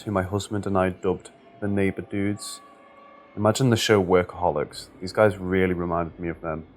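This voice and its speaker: A man reading true scary stories aloud in a steady, measured scripted narration. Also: low-pitched, slight background noise. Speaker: story narrator.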